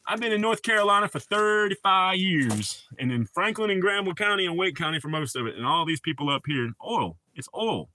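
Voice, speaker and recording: A Southern-drawling streamer with a mouth full of dip chats loosely and casually, swearing often and laughing a lot. His high, expressive voice is fairly quick, pushed and bright, in a dry recording.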